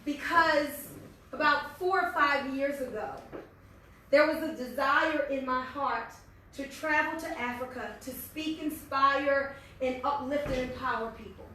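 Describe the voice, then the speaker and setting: A middle-aged American woman speaks with a high, bright voice and earnest, quick delivery. She is heard from a distance in a large hall that wraps her words in a strong echo. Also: a little hiss or hum. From United States. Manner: fast-talking, earnest and faith-filled. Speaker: network marketing leader and speaker. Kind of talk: motivational speech. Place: large echoey meeting hall. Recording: echoey hall from far off.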